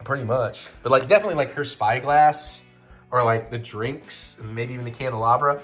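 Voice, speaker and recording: A man hosting a home vlog, joking and thinking out loud while he puts a toy together. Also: mid-range voice, a little fast, faint music behind. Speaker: vlog host. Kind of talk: casual chat while assembling a toy set.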